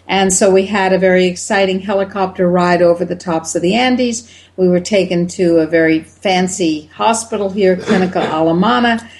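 A woman in her seventies, a doctor as interview guest, telling lively anecdotes. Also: mid-range voice. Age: 70s. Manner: lively anecdotes, mimics shouting voices. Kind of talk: interview storytelling.

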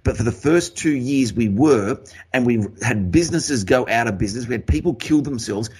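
A man's voice: mid-range voice, animated, normal speed, darkish tone, breathy edge. An Australian man hosting a talk podcast, ranting emphatically and swearing as he talks. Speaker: podcast host. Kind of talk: casual conspiracy talk show.

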